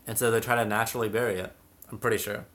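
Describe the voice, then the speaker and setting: A man's voice: fairly low pitch, level tone, very fast, fairly bright tone. A young man hosting a casual live stream about cats, chatting and reading out viewer comments. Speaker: cat channel host.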